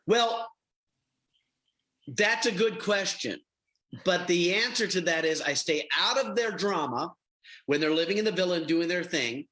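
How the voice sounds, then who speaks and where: Middle-aged male TV host, bright forward tone, easy anecdotal interview delivery. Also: high voice, a little slow, long pauses, rough recording. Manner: affable storyteller, animated. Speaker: reality show host. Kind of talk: TV interview answers.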